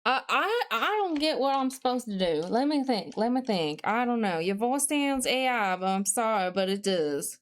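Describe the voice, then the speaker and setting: A woman's voice: fairly high pitch, expressive, moderate pace, few pauses. A woman streamer chatting casually on a live stream, reading chat messages aloud, answering them, and thinking aloud while she studies.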